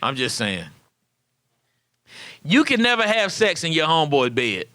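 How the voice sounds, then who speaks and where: Man, 30s, comedic podcast monologue, bright tone, dry close sound. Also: a little high, measured pace, no echo. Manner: animated, acts out quoted dialogue. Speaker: podcast host.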